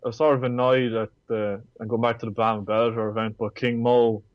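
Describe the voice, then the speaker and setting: A man giving steady, measured opinions as a guest on a casual podcast. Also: mid-range voice, no echo, lo-fi sound. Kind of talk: casual chat.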